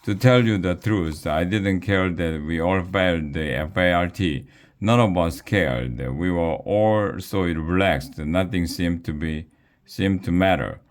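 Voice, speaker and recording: A man voicing a flat, apologetic school official. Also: deep voice, unhurried. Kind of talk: storybook read-aloud.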